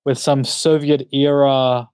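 Guy with a background rattling off holiday plans fast, laughs a lot, dry close sound. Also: medium pitch, level tone, darkish tone, smooth, dry recording. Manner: quick-talking, laughs often, self-deprecating. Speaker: podcast co-host. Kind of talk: casual chat.

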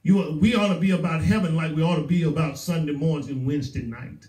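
A man's voice: fairly high pitch, fairly even intonation, fast, a little mellow. A male pastor with a Southern US accent, preaching a sermon with emphatic repetition. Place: church sanctuary. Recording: roomy echo, voice from far off.

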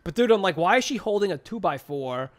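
A man co-hosting a casual podcast, excitable and profane, pitch jumping up when outraged. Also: brisk. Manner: excitable, swears a lot, swings pitch up in outrage. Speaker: podcast co-host.

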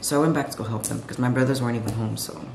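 A woman with a gravelly bass voice and darkish tone races through a sassy, slang-heavy late-night chat, vlogging at home to a camera set up nearby. Her echoey room has music playing behind her, along with a little hiss or hum.

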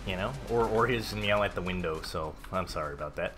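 A man casually commenting on a game as he plays, reading notes aloud, swearing and reacting loudly. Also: sits low, fast, music in the background. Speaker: gameplay streamer. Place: home room with a cat.

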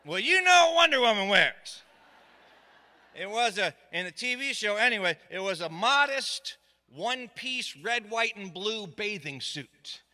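A middle-aged man tells a comic tale to a live audience. His voice sits high and cuts with a hard, bright edge. A long hall reverb trails each line. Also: unhurried. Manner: animated, shouting quoted lines, dry asides. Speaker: storyteller. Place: stage in a hall.

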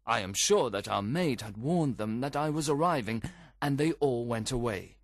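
A man's voice: medium pitch, animated, moderate pace, dry recording, studio quality. Man reading a story expressively. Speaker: audiobook reader. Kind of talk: scripted first-person narration.

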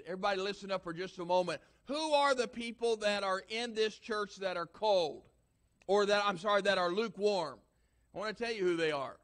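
A man's voice: high voice, fairly quick. A man preaching a sermon as pastor, emphatic and repetitive, building force through repeated lines.

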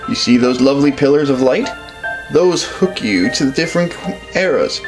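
A man's voice: medium pitch, animated, normal speed, music in the background, natural voice, low-quality recording. A man voicing a helpful old male guardian at the end of time, explaining patiently.

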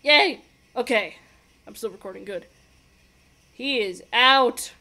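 Excitable high-voiced woman gamer. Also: a little slow. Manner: excitable, exclamatory, giggly. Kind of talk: let's play commentary.

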